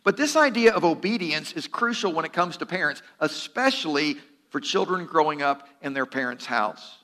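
A man's voice: on the high side, expressive, normal speed, bright, forceful tone. A man preaching a sermon in an earnest, direct way, with a teasing humor and repeated words for emphasis. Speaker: pastor.

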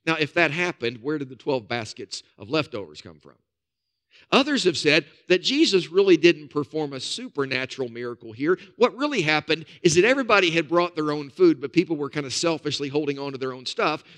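A man, a pastor, preaching a sermon with folksy storytelling and casual asides. He drops to soft, low emphasis on key points. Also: expressive, fairly quick.

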